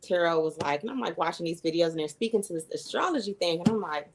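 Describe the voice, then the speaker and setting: A woman's voice: fairly low pitch, expressive, quick pace, background noise. A woman in her thirties, a guest coach, earnestly telling her personal story in an interview, with fillers and little self-quotes. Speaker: guest, human design coach and astrologer.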